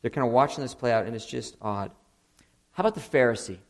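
Gravelly-voiced man preaching conversationally. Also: quick pace. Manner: conversational, asks the audience questions, frequent "okay?" and "right?"; animated, rising to high emphatic bursts. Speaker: pastor. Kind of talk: sermon.

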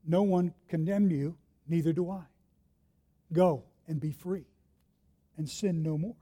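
A man voicing a gentle, forgiving male teacher, speaking softly and tenderly. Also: fairly high pitch, unhurried. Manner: soft and tender.

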